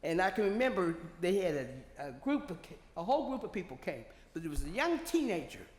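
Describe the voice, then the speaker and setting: A woman's voice: on the low side, big pitch swings, brisk, a little mellow. Rambling older woman in an echoey hall. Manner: rambling, emphatic storytelling. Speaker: public commenter. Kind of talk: public comment at a council meeting. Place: large echoey council chamber. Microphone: podium microphone.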